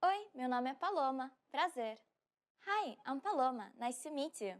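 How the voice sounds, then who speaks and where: A woman hosting a short language lesson, speaking in an upbeat, clear way and slowing down to repeat key phrases. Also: high voice, expressive. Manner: upbeat, clear, slows down for repetition. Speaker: language teacher host.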